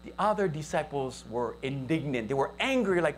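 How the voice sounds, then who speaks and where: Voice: medium pitch, expressive, normal speed, hardly any pauses, slight background noise. Chatty island-accented pastor preaching. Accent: Hawaii local English. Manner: conversational, asks the congregation for responses. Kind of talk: sermon. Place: church service, live-streamed.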